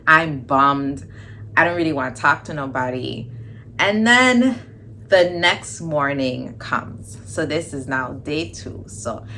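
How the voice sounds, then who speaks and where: A woman's voice: deep voice, a little hiss or hum. A young woman vlogger telling a personal story in a casual storytime style, acting out the dialogue. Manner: animated storytelling, acts out quoted dialogue.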